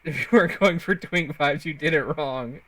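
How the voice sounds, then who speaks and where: A man's voice: on the high side, normal speed, pushed and bright. A young man streaming a game, bantering playfully with his chat and laughing often. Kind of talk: casual live-stream chat while gaming.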